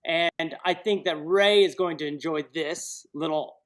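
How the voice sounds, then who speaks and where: A man's voice: fairly high pitch, unhurried, fairly bright tone. Man, stream host, casual joking chat, rambling, laughs a lot.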